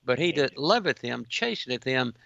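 Gravelly man quoting scripture. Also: mid-range voice, big pitch swings, normal speed, a bit bright, dry recording. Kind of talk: Christian radio talk, quoting scripture. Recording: dull, muffled radio sound, dry.

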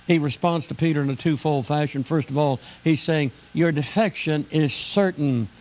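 A man preaching a sermon, slowing down to stress scripture lines. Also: fairly high pitch, darkish tone, rough recording. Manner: emphatic, slows down to stress scripture.

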